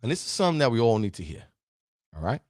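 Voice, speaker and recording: A man's voice: medium pitch, sing-song, racing, a little mellow, dry recording, studio quality. A middle-aged man hosting a live motivational stream, talking straight to his viewers and the chat. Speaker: host of a live positivity show.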